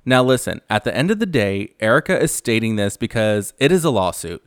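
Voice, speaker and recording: A man's voice: fairly low pitch, sing-song, a little fast, clean tone, no echo, studio quality. A man hosting a casual reality TV recap, chatty and gossipy, acting out what the cast members say.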